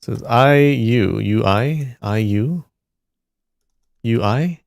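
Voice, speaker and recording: A man streaming live, thinking aloud and slowly sounding out syllables as he works through a word puzzle. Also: medium pitch, gravelly, a little mellow, dry recording, clean studio sound. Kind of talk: casual muttering while solving a word puzzle.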